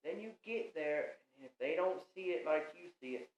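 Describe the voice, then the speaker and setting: A man's voice: fairly high pitch, lively intonation, moderate pace, hardly any pauses. A man giving an emphatic, preachy monologue to the camera, repeating his points. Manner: preachy, emphatic, repeats himself, talks straight to the viewer. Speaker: video blogger ranting. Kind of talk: impassioned monologue. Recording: echoey room, muffled sound.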